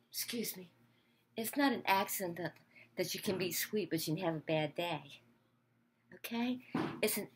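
A woman's voice: sits low, a bit bright, slight background noise, low-quality recording. An older woman ranting profanely and defiantly as she cooks in her home kitchen for her video, with no one behind the camera. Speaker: cooking vlogger. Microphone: camera without an operator.

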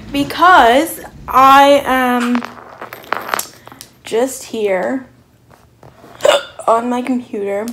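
A woman's voice: a little high, fairly bright tone, a little hiss or hum. Young woman vlogging, rambles and talks blunt, lots of ums and likes. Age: young adult. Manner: rambling, chatty, blunt, with many fillers. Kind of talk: casual chat to camera.

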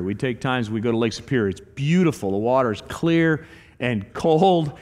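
A middle-aged male pastor delivers a sermon in a slightly high voice, acting out quoted lines as he tells stories. His voice rings through a church hall with a long reverb tail. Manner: animated storytelling with acted quotes. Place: church sanctuary.

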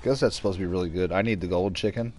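A man's voice: sits low, racing, over loud music. A young man giving casual, joking commentary while streaming a game, rambling and snapping at teammates now and then.

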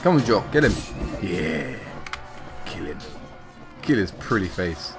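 Low-voiced guy gaming, swears a lot, laughs, voice jumps around a lot. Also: slow, music in the background. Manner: excitable, sweary, laughs often, swings between loud outbursts and mutters. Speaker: gaming host. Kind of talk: casual gameplay commentary.

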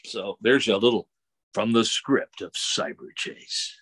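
Lively middle-aged storytelling man. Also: lowish voice, slow, slight background noise. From Missouri, USA. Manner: animated storyteller, acts out other people's voices. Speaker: voice actor, interview guest. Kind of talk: casual storytelling interview.

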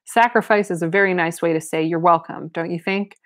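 A woman reading the lines of a prim, passive-aggressive woman cult member, in a brisk and pointed way. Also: on the low side, fairly bright tone, dry recording, studio quality, close to an everyday voice.

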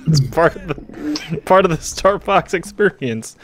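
A man's voice: fairly high pitch, lively intonation, unhurried, over a noisy crowd. A man streaming a video game, chatting casually with friends and laughing often. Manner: giggly, laughs often while playing. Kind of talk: casual let's-play chat.

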